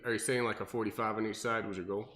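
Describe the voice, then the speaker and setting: A man's voice: lowish voice, steady tone, racing, fairly bright tone. A man, a personal trainer, asking questions and adding details in a casual chat. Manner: asks questions, corrects and adds details.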